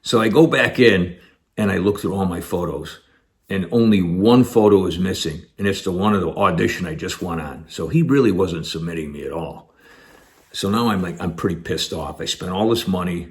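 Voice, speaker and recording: A man, an actor, telling a personal story in an animated way, acting out the dialogue as he goes. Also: deep voice, moderate pace.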